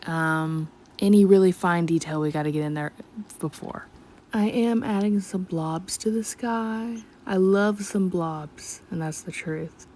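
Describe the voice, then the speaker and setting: A woman's voice: on the low side, unhurried, dark tone. A woman narrating her painting in a chatty, scattered late-night voiceover, talking to herself and slipping in and out of a country twang. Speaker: art vlogger. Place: at home at night.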